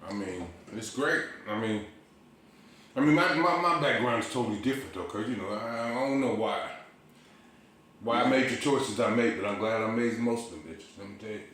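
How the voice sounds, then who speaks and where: A middle-aged man telling lively, profane stories in a casual chat, laughing often. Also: mid-range voice, normal speed, far from the mic. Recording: echoey room with faint noise.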